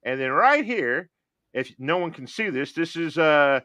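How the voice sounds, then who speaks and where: A man's voice: a little high, animated, a little slow, bright, forceful tone, no room sound. A man hosting a casual gaming podcast, joking and rambling as he thinks aloud. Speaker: podcast host.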